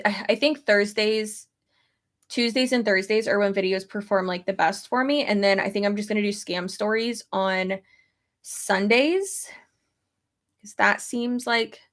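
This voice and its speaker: Gravelly-voiced woman rambling about her schedule. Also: medium pitch, a bit bright. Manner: rambling, thinking aloud, swears casually. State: pregnant. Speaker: YouTuber. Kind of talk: casual chat reading stream comments.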